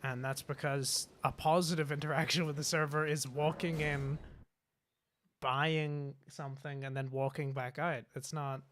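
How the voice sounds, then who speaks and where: A young British man streaming, telling a rambling story with lots of swearing, fillers and restarts. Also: fairly high pitch. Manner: halting, swears a lot, many fillers and restarts. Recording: steady background noise.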